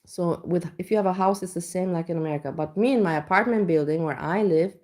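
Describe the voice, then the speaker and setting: A woman's voice: fairly low pitch, fast, a little mellow. Rambling self-mocking woman vlogger. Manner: rambling, self-mocking storytelling with many restarts. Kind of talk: casual reaction chat. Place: home kitchen.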